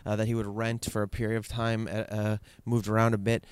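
A man's voice: on the low side, completely flat delivery, a little fast, clean tone. Rambling, profane man telling a story. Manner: rambling, profane, full of fillers and restarts. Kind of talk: candid personal storytelling.

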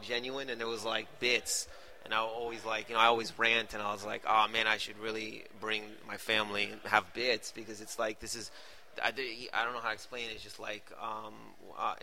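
Male comic guest, loose rambling storyteller, bright voice. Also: lowish voice, little pitch movement, fairly quick, a little hiss or hum. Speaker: stand-up comedian guest. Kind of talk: casual podcast chat.

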